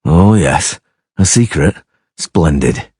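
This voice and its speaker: A man reading a fantasy audiobook, voicing a gruff, stern, weary monster hunter who talks curtly and dryly. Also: extremely low pitch, animated, slow, a little mellow, no room sound, full character voice. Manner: stern, dry, curt.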